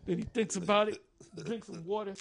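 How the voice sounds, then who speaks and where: Leading a casual open forum, a man tells profane, animated stories, acting out other people's lines. His voice sits high with vocal fry, a little fast, and crowd noise can be heard.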